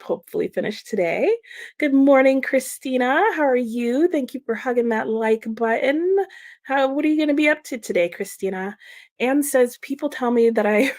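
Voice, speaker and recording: A woman hosting a live reading stream, casually reading out viewer comments and answering them with frequent laughs, sounding a little sleepy this morning. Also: on the high side. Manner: chatty, giggly, reads comments aloud and answers viewers. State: sleepy, slow-brained morning.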